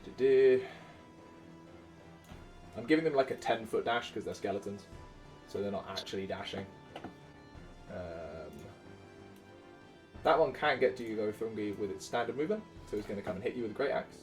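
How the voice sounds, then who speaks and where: A man from Wales with a Welsh accent and a fairly low voice runs a tabletop game as dungeon master. He narrates the action and counts dice aloud. Between rolls he hums little filler sounds. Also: expressive, a little fast, pauses often, faint music behind.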